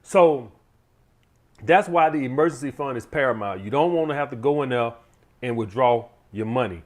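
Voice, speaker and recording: A man's voice: medium pitch, lively intonation, moderate pace. A man hosting his own channel, giving blunt, profane money advice in a casual monologue and often turning to the audience as "guys.".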